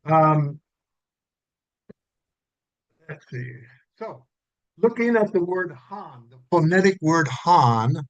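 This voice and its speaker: A man with a slightly high voice presents slides over a video call. He talks haltingly, with fillers and restarts. The sound is dry and close. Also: lively intonation, no echo, lo-fi sound. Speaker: presenter at a church club meeting. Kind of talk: presenting slides in an online meeting.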